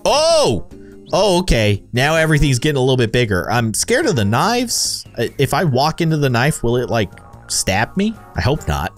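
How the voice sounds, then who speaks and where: A man giving playful, excitable commentary while playing a video game as a gaming YouTuber. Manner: excitable, jokey, with lively swings in pitch. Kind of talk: playful let's-play commentary.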